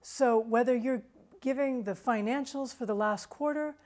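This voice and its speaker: Woman instructor, fairly high voice, lively teaching tone that shifts pace to demonstrate points. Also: moderate pace. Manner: demonstrates tips with varied pitch and pace. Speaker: writing center instructor. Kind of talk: instructional video on vocal delivery.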